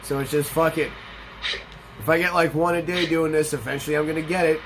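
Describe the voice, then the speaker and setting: A man's voice: fairly high pitch, fairly even intonation, fairly quick, noisy background. A young man hosting a let's play, rambling through casual, profane gameplay commentary and stories.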